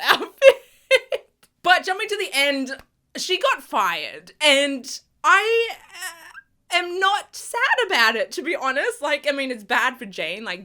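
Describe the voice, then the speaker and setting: A woman's voice: sits high, pushed and bright. A woman reviewing a TV episode in casual chat, gushing and emotional, laughing and swearing, with lots of "like" and restarts. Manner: fillers like "like" and restarts. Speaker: TV review vlogger.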